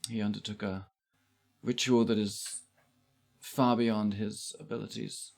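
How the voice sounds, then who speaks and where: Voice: mid-range voice, flat delivery, unhurried, vocal fry, a little mellow. A game master playing a stern, formal man who guards a young ward. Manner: formal, clipped.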